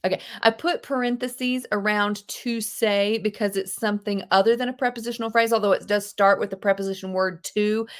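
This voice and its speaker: Chatty teacher on a video call. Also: female voice, medium pitch. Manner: lively, chatty, gasps with delight, quotes movie lines in put-on voices. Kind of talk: live online class, casual teaching.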